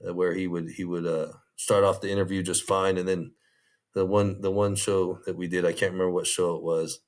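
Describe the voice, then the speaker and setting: A man's voice: low voice, flat delivery, fairly quick. A man, a former prison guard, telling rambling, easygoing anecdotes in an interview, full of restarts and fillers.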